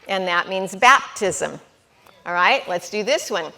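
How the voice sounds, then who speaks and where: A woman leads a classroom Hebrew lesson, speaking at an unhurried pace. Her voice is bright and clear, and she is patient and encouraging, drawing out each syllable and often asking whether everyone follows. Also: mid-range voice, expressive. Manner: sounds out syllables slowly. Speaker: Hebrew teacher.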